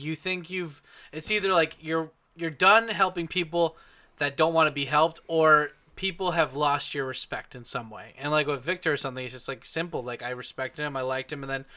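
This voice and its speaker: A man with a bright, forceful voice speaks as a guest in a relaxed podcast chat. He tells his stories in an animated, profane way. His voice sits a little higher than most men's.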